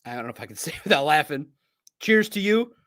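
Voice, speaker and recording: A man hosts a live sports recap stream in a rambling, excitable way, laughing often. His voice sits high and bright. He lurches between loud outbursts and muttered asides. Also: fast talker. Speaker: sports podcast host.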